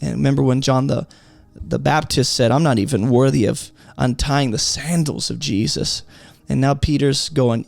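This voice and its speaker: A man walks through a Bible passage verse by verse, with a gravelly edge to his mid-pitched voice. He explains each point emphatically and keeps asking his listeners rhetorical questions. It is recorded close and dry, with faint music underneath. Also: fairly even intonation, normal speed, a little mellow, no room sound. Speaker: Bible teacher.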